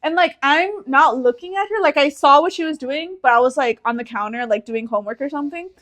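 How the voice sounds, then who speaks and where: High-voiced young woman telling animated stories. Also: fairly quick. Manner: animated storytelling, acts out quotes, laughs often. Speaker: podcast co-host. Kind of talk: casual sibling chat.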